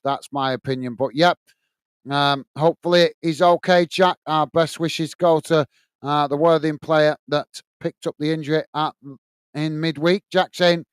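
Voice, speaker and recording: A man's voice: on the high side, clear, resonant tone, no room sound. A man hosting a football watch-along live stream, reading out viewer comments and giving friendly, repetitive sign-offs with many fillers. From England.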